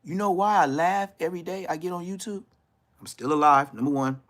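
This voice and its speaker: Talking slightly quickly, a YouTube commentator in his fifties from LA clowns on people during his live stream. He's loud and mocking in his street talk, with an LA accent, lots of laughter, and sudden high-pitched bursts.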